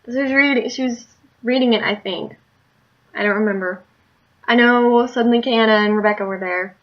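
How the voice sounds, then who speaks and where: A woman's voice: fairly high pitch, a little fast. A tired woman telling a story in a candid, rambling video diary. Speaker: video diarist. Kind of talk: casual diary vlog. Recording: muffled lo-fi recording.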